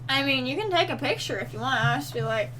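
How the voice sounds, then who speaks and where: Giggly high-voiced woman. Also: expressive, quick pace, bright, forceful tone, a little hiss or hum, low-quality recording. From Alabama. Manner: giggly and laid-back. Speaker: podcast co-host. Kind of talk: casual comedic chat.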